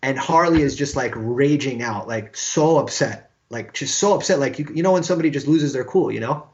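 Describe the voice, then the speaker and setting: A middle-aged man from New York spins an animated, profane story as a podcast guest, his speech full of fillers. His voice sits at an ordinary middle pitch. The recording sounds a little dull and lo-fi. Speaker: guest musician. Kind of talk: casual storytelling in a podcast interview.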